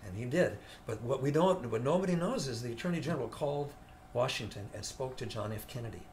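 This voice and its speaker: Recounting a lively story during an interview, a veteran studio guitarist in his later years imitates the voices of the people involved. His voice is medium-pitched and quick, with a little hiss or hum audible.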